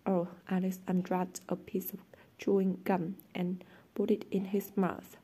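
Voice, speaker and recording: A woman narrating a children's novel aloud in a steady, even storytelling manner. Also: mid-range voice, unhurried, husky. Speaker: audiobook narrator. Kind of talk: scripted narration.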